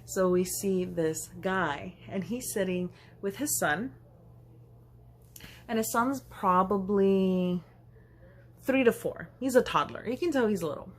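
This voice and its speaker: A chatty young woman spinning a casual storytime tale for her channel. She rambles, sidetracks herself and laughs often, with a medium-pitched voice. Faint noise sits under the recording. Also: slow pace, pauses often. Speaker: vlogger.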